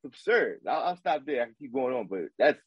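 A man co-hosting a casual sports talk show, ranting with animated repetition and slang. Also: medium pitch, a little fast, breathy edge, no room sound, highs cut off. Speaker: podcast co-host.

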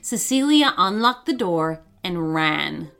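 Slow, expressive woman storyteller. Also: lowish voice, gravelly. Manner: expressive, dramatic. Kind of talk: scripted children's story narration. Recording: faint background music.

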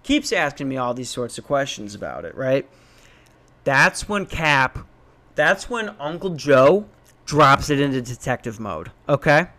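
A young man from Minnesota telling a story in an animated, self-mocking rant, swearing freely. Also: unhurried. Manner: animated, self-mocking, swears, jumps into high voices when quoting.

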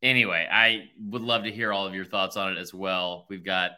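A man in his thirties hosting a casual sports podcast, rambling and animated, full of asides. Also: sits low, normal speed. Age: 30s. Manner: rambling, animated, self-interrupting with fillers. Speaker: podcast host.

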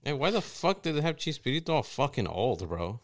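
A man's voice: medium pitch, big pitch swings, a little fast, slight background noise. A man in casual chat as a co-host, talking in a loose, joking and profane way.

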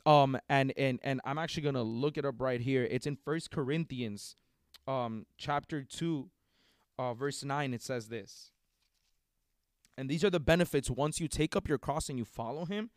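A man's voice: mid-range voice, moderate pace, no echo, clean studio sound. A man hosting a podcast, preaching in a fervent, repetitive monologue full of restarts. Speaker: podcast host.

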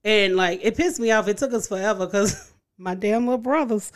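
A woman's voice: medium pitch, normal speed. A woman guest on a podcast, telling family stories in a casual chat and laughing as she talks.

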